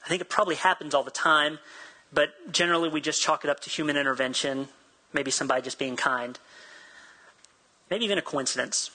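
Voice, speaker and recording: A man's voice: fairly high pitch, fairly quick, pauses often, bright, forceful tone, low-quality recording. A man preaching a sermon, telling a personal story in a chatty, self-deprecating way and laughing easily. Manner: acts out quoted dialogue. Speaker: pastor.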